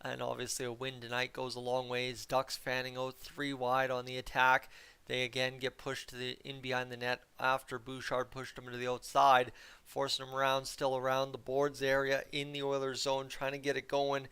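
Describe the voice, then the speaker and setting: A man's voice: mid-range voice, completely flat delivery, moderate pace, smooth. A young Canadian man from Alberta with a nasal voice, doing chatty live play-by-play of a hockey game and talking with his stream chat. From Cold Lake, Alberta, Canada. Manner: rambling, chatty, gets loud on shots.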